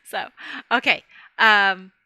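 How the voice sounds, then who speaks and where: Middle-aged woman vlogger, bright and smooth, rambling and chatty, dry close sound. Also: mid-range voice, steady tone, takes it slowly, no room sound. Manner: chatty, rambling, laughs often, speaks to viewers directly. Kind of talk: casual rambling monologue to camera.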